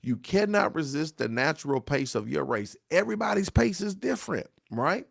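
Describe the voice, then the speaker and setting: A man's voice: fairly high pitch, very animated, moderate pace, vocal fry, dry recording, clean studio sound. A middle-aged man, a pastor, giving a devotional talk on grief in a repetitive, exhorting preacher cadence, often asking "right?". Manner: exhorting, call-and-response.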